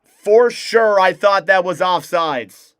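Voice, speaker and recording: A young man doing live hockey play-by-play commentary as a fan streamer, calling the action quickly and reacting with excitement. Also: high voice, smooth, no room sound, studio quality.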